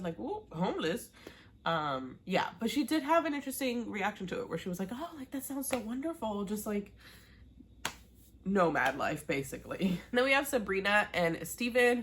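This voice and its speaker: A woman's voice: deep voice, fairly bright tone. A woman recapping a TV show in a casual, chatty way, laughing often and talking straight to her viewers. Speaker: TV recap vlogger.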